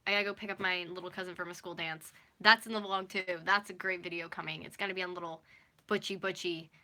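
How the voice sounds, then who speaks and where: A woman's voice: fairly low pitch, steady tone, fast talker, bright, forceful tone. A young woman in her early twenties from North America, chatting and rambling as she speaks openly to viewers on a live stream. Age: early 20s. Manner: chatty and rambling, with constant fillers. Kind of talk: casual, confessional live chat.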